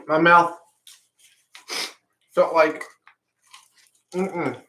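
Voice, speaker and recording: Reacting on camera to a hot pepper, a male vlogger groans in pain, short of breath, his mouth burning and his speech slow. His voice is on the high side, animated, bright and forceful, recorded in an echoey room with a little hiss or hum.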